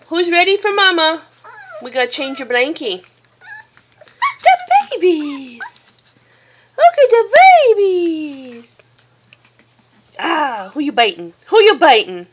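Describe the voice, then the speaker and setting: Lady baby-talking her puppies in a high singsong, muffled phone clip, lots of noise behind. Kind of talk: baby talk to pets. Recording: dull phone recording with loud background noise.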